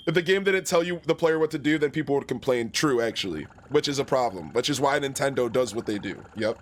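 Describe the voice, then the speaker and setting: A man's voice: mid-range voice, lively intonation, fairly quick, few pauses, faint music behind. A young man streaming a video game, chatting in a rambling, casual way and greeting viewers. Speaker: gaming streamer. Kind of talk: let's play commentary.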